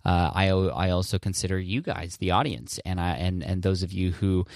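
Earnest low-voiced man hosting a podcast. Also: steady tone, normal speed, dry recording, clean studio sound. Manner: earnest, rambling, frequent restarts and fillers. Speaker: podcast host answering listener questions. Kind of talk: casual solo podcast talk.

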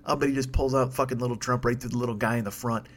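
Male solo podcaster, rapid-fire rant, sarcastic, foul-mouthed, rambling. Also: mid-range voice, steady tone, fairly bright tone, slight background noise. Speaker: podcast host. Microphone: desk microphone.

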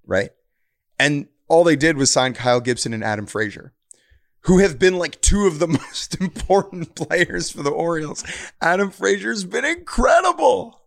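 A man's voice: a little high, big pitch swings, normal speed, gravelly, a bit bright. A man co-hosting a sports podcast, talking casually and animatedly, often slipping into mock quotes. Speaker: podcast co-host.

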